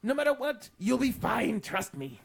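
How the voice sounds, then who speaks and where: A flustered fantasy shopkeeper haggles over the price of dresses in a tabletop role-play, stammering and backpedalling, as a game master puts him on. The pitch rises and falls a lot, and a gravelly fry runs underneath it. The delivery is fussy and a little sly. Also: big pitch swings, moderate pace, a little hiss or hum. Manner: flustered, stammering shop talk.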